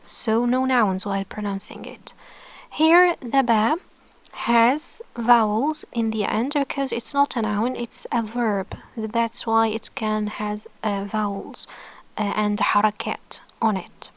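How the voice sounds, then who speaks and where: A woman gives an online alphabet lesson at an unhurried, careful pace, in a slightly raised voice. She repeats each sound patiently, checks in with her learners again and again, and softens almost to a whisper when sounding out letters. The recording is dry and close. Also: fairly high pitch, dry recording. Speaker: Arabic teacher.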